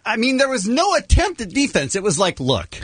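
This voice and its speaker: A man co-hosting a radio show, telling stories in an animated, joking way. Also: very high-pitched, brisk, slightly rough, no echo. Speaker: radio co-host. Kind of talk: casual radio chat.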